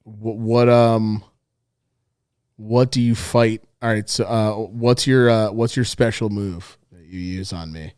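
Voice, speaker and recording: A man's voice: on the low side, fairly even intonation, slow, a little mellow, smooth, dry recording. A man co-hosting a podcast, improvising a scene in casual chat, rambling with fillers and swearing. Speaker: podcast co-host.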